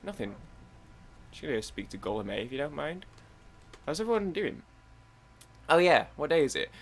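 While playing through a video game, a young man who hosts a gaming channel keeps up a running, rambling commentary to himself. He sounds very animated, with a slightly high voice at normal speed.

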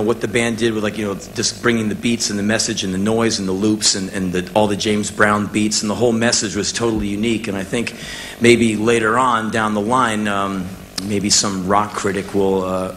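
Animated American man telling a story. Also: fairly low pitch, a little hiss or hum. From United States. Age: 30s. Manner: animated, acts out quotes with shouts and laughs. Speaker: musician telling a story on stage. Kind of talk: spoken word storytelling.

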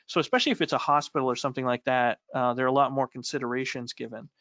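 A man with a New England accent co-hosting a technical webinar, speaking haltingly with many fillers and restarts. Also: mid-range voice, steady tone, a bit bright, dry recording. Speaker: webinar co-host. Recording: slightly dull dry audio.

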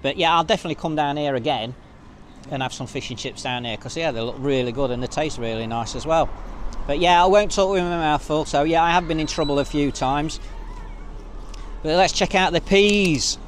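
A man's voice: fairly high pitch, a little fast, a little hiss or hum. A man chatting casually to camera in a walking vlog outdoors, rambling with lots of fillers. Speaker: vlogger. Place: outdoors at a seaside resort street.

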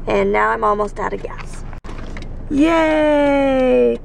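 A woman's voice: fairly high pitch, big pitch swings, a little fast, vocal fry, slight background noise. A young woman chatting casually to camera on her way to work in the car. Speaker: vlogger. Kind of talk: casual vlog chat.

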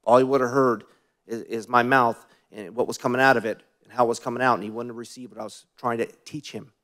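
A man's voice: mid-range voice, fairly even intonation, fast, a bit bright. Conversational preaching man. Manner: conversational storytelling, asks the congregation questions. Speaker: pastor. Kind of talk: sermon.

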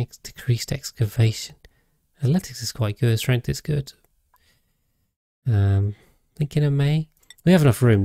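A game streamer chats casually on a livestream as he plays, rambling along with lots of hesitations and self-corrections. His voice is medium-pitched, creaky and a little mellow, with no echo.

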